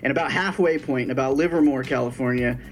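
A man telling a story in casual chat, animated and profane, acting out the people he quotes. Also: medium pitch, quick pace, soft background music.

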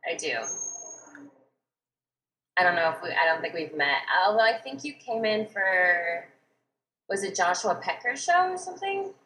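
A woman's voice: on the low side, big pitch swings, moderate pace, pauses often, sharp tone. Easygoing woman in an echoey room. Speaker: gallery staff. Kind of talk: casual chat. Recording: roomy echo.

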